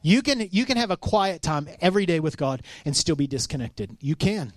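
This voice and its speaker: A man in his thirties gives a chatty sermon in a fairly high voice, telling stories and acting out the voices in them. His delivery is animated, and the sound is close and dry. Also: fairly quick, dry recording. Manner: storytelling, animated, acts out quotes. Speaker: pastor. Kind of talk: conversational sermon.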